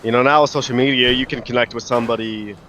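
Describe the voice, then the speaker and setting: A man's voice: mid-range voice, steady tone, fast talker, bright, forceful tone, slight background noise. A young man hosting a casual podcast, rambling through his points with frequent restarts. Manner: rambling, many fillers and restarts. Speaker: podcast host.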